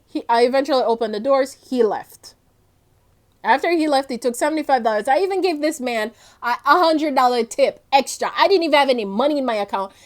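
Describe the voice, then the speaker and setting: A young woman talks through her game session in a loose, chatty way. Her voice sits a little high, and she rambles, laughs often and drifts off her point. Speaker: gaming vlogger. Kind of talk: casual gameplay commentary.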